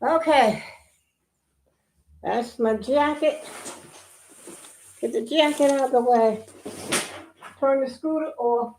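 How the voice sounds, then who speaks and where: A woman's voice: sits high, slow pace, pauses often, darkish tone, a little hiss or hum. An older woman chatting casually on a live stream, homey and talkative, calling her viewers y'all, a little out of breath. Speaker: vlogger.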